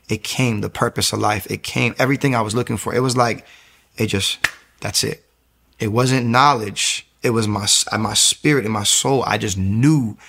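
A man giving a personal testimony as a guest, telling his story in an animated way, repeating phrases and quoting himself. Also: lowish voice, creaky.

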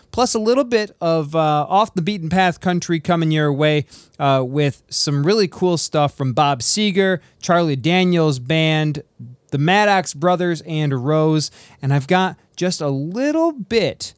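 Male radio host, upbeat casual patter, slightly high voice, dry booth. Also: dry recording. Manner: breezy, quick patter, casual fillers.

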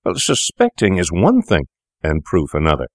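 A man's voice: low-pitched, huge pitch swings, moderate pace, dry recording, studio quality, full character voice. A man voicing a worried young male medical student who raises objections in a storybook reading. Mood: anxious.

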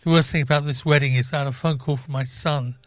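A middle-aged man co-presenting a radio show, easygoing and matter-of-fact as he tells stories. His voice is plain and mid-pitched. He is heard close on a dry studio mic. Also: fairly even intonation, fast, dry recording. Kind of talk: casual radio banter.

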